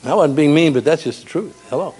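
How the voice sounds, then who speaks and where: A man preaching a sermon in a church, animated and storytelling with humor. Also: on the high side, fast, husky. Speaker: pastor. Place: church sanctuary.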